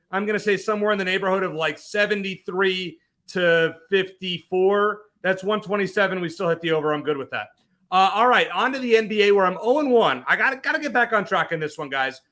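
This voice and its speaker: Male analyst, high and bright, confident numbers talk. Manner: confident, counts through the numbers out loud. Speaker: sports betting analyst. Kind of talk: making betting picks on a show.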